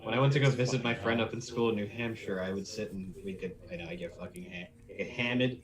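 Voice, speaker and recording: A man's voice: on the low side, quick pace, a crowd in the background. A young man with a New York accent, co-hosting a casual, profane chat show and joking freely. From New York City area. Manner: animated, swears freely, jokey. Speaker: podcast co-host.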